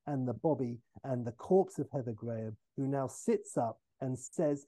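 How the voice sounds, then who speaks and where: A man, telling a comic film pitch as a podcast host and acting out each scene. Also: warm tone, no room sound. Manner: narrates briskly and jumps into silly voices for characters.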